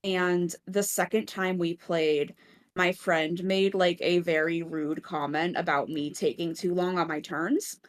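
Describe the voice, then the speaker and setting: A woman's voice: on the low side, fairly even intonation, unhurried. A woman chatting casually on an online voice call, rambling with many fillers and poking fun at herself. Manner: rambling, lots of "like" fillers, self-deprecating. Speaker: community member, regular. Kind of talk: casual group chat on a voice call. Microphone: computer mic on an online voice call.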